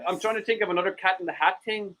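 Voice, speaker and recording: A man's voice: high-pitched, rapid-fire, bright, forceful tone, rough recording. A man co-hosting a live stream show, joking and rambling with lots of swearing and laughter. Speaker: co-host.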